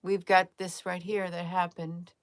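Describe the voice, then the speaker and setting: A tired woman talks slowly and drowsily, stopping often to hesitate and restart. Her voice is lowish, smooth and clear, recorded dry and close with no room sound. She drifts between murmured asides and sudden emphatic lines. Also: level tone, no echo. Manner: rambling, hesitant, with frequent "um" and restarts. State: tired, drained. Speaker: conspiracy commentary vlogger. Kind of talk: casual commentary over images.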